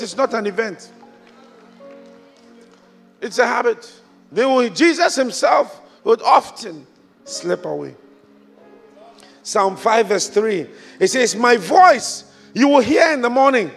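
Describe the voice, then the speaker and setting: A man from Ghana preaching a sermon as a bishop, swinging from quiet reflection to shouted exhortation with repeated rhetorical questions. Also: very high-pitched, expressive, slow pace, vocal fry, long pauses. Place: large church auditorium. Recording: large church hall with long reverb, music behind.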